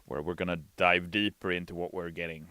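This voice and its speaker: A man's voice: low-pitched, little pitch movement, a little fast, pushed and bright, no echo. A man hosting a game livestream, casually reading chat messages aloud and answering them from a studio. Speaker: game stream host.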